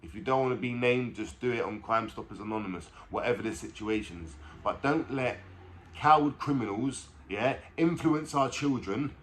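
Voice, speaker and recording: A man speaks straight to his viewers in a reaction video. He sounds blunt and impassioned and swears freely. His pitch sits in an ordinary middle range. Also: moderate pace, a little hiss or hum. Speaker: vlogger.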